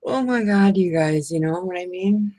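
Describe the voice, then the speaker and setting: Middle-aged woman, low-pitched and sleepy, rambling friendly stream chat, dry room. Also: normal speed, mellow, no echo. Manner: chatty and rambling, many "you know what I mean". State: sleepy, yawning. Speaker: crafting channel host. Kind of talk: casual live-stream chat.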